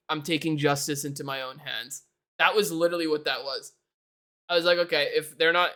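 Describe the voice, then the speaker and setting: A young adult streamer from Canada chats casually with a live audience, laughing often and swearing in rambling asides. The voice is mid-range and a bit bright, captured on a desk mic for a live stream.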